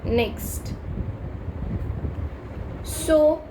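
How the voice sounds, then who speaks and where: A woman's voice: very slow, warm tone, a little hiss or hum, low-quality recording. A woman teacher, reading a newspaper editorial and explaining word meanings in careful repeated lists. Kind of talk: slow reading and vocabulary lesson.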